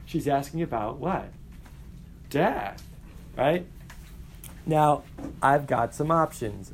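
Man, middle-aged, teacher, animated, questions the class, slightly high voice, faint background hum. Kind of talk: classroom lecture.

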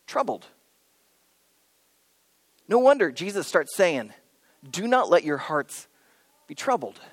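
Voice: medium pitch, no echo. A pastor preaching a sermon in a conversational, storytelling manner, with light humor and frequent restarts.

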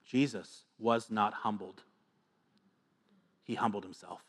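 A male pastor preaching a sermon to a gathered audience, earnest and confessional, moving between quiet asides and emphatic repeated lines. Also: lowish voice, slow.

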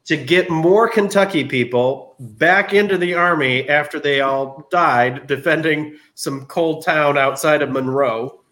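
A man guest on a casual podcast, retelling war history in an animated, jokey way. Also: fairly high pitch, unhurried, hardly any pauses.

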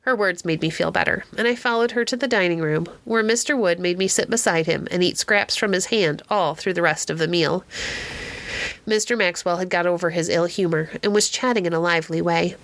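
A woman narrating a classic novel in an even storytelling manner. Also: fairly low pitch, fairly quick. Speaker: audiobook reader. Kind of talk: scripted narration.

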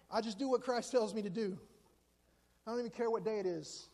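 Casting: man in his 40s, very high voice, chatty self-deprecating sermon, long hall reverb. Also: a little fast, gravelly, darkish tone. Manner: conversational, joking, self-deprecating. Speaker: preacher.

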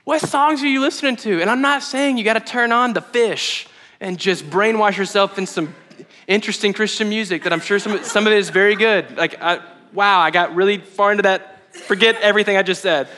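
A man's voice: high voice, a little fast, sharp tone. A young man preaching a casual, candid sermon, often laughing at himself. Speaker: pastor. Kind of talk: conversational sermon.

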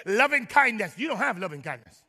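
High, bright-voiced preaching man. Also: big pitch swings, fairly quick, in a large hall. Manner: preaching to a congregation with humor, rising to shouts. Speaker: pastor. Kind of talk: sermon. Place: large church.

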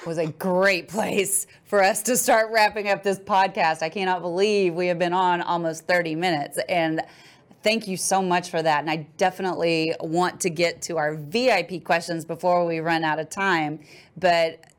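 A woman's voice: on the low side, fairly even intonation, moderate pace. A woman hosting a podcast interview, affirming her guest and steering the talk toward wrap-up. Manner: warmly affirming, steers the conversation. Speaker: podcast host.

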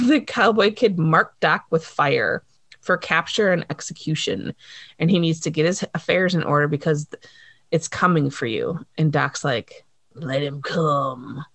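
A woman in casual chat recapping a TV episode, animated and laughing often, acting out the characters' lines. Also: sits low, no room sound. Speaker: podcast co-host recapping a TV episode.

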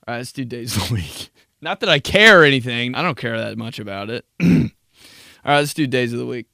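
A young man hosting a casual solo podcast, swearing a lot and ranting in an animated, crude way. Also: medium pitch, normal speed, dry recording, studio quality. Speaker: podcast host.

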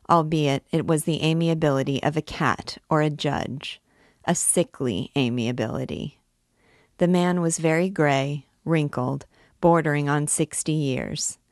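A woman with a low voice reads a classic novel aloud, measured and unhurried. The sound is dry and close, with no room around it. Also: no room sound. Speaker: reader. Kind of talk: audiobook reading of a classic novel.

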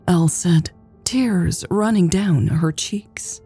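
Slow, husky female audiobook narrator. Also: lowish voice, soft background music. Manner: slow, hushed, measured reading.

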